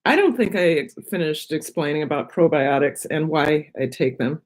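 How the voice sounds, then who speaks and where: Chatty low-voiced woman live-streaming. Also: lively intonation, moderate pace, hardly any pauses, a little mellow. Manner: chatty, rambling, talks while eating. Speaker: vlogger on her own channel. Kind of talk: casual live-stream chat.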